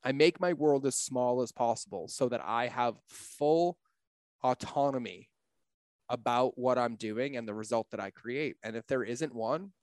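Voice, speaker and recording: A man's voice: medium pitch, no echo, clean studio sound. Blunt, candid man on a podcast. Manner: blunt, candid, swears freely. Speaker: podcast guest, business coach. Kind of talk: casual podcast conversation.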